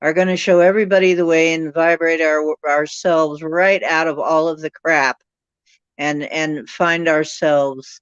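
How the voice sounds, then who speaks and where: A woman hosts a casual online show, rambling warmly and effusively to her viewers. Her voice sits low and smooth, close and dry on a muffled, lo-fi stream. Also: steady tone, unhurried, no echo. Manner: effusive, rambling, spiritual talk. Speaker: host. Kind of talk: casual livestream chat. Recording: muffled lo-fi audio.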